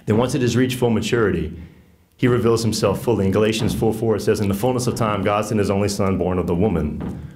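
A man with a low, deep voice and a Southern US accent leads a teaching session. He speaks in an earnest, folksy, conversational way and keeps checking in with his listeners. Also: fast, a little mellow. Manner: earnest, folksy, with frequent "right?" asides. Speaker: catechist teaching a workshop on faith and marriage. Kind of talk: conversational teaching talk to a group.

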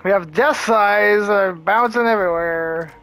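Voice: mid-range voice, measured pace, gravelly, fairly bright tone. A gameplay commentator talking through a hard run in casual let's-play style, nervous and muttering reactions with frequent swearing.

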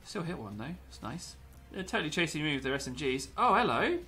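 A man's voice: a little high, very animated, fast talker, bright, forceful tone, faint music behind. A young man commentating gameplay with a lot of energy, yelping, laughing and slipping into pirate growls.

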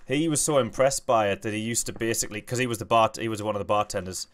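A man's voice: on the low side, fast talker. A man giving casual commentary while he plays a game, often muttering to himself and rambling into stories. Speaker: gaming channel host.

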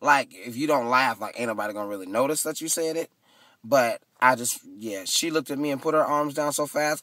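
A man casually vlogging into his phone, retelling his day with lively, dramatic asides. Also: mid-range voice, moderate pace, dry recording, far from the mic. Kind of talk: casual storytelling vlog. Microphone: phone camera.

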